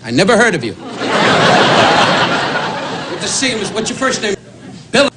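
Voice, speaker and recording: A man's voice: sits high, big pitch swings. An older man doing live insult comedy at a benefit, brashly jabbing at people in the audience. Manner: brash, rapid jabs at audience members. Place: benefit event hall. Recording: live hall tape, loud crowd and noise.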